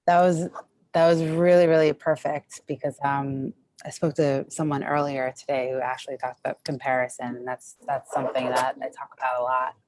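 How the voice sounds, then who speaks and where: A woman with a notably low voice hosts a group training, inviting questions in an encouraging tone. She pauses and searches for words as she goes. The sound is dry and close. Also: flat delivery, a little mellow, no echo, rough recording. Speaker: training host.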